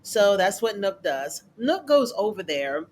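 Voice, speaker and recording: This is a casual recap host talking through a TV episode in a chatty, everyday way. The voice sits at a middling pitch. The speaker jumps higher to act out what the characters say. A faint hum of room ambience runs underneath. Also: sing-song, a little slow. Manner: chatty, colloquial, acts out characters' lines in a raised voice. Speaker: TV recap reviewer.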